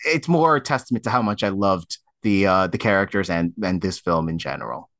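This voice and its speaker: A man's voice: low-pitched, a little fast, a bit bright, dry recording, clean studio sound. A man chatting casually as a guest on a podcast, enthusiastic, often laughing and restarting his sentences. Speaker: podcast guest film critic. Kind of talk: casual chat.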